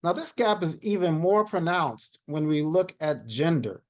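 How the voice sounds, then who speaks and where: A man in his sixties giving a measured slide presentation on a video call. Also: on the high side, very animated, a little mellow. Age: 60s. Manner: measured, reads statistics from slides. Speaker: panel speaker.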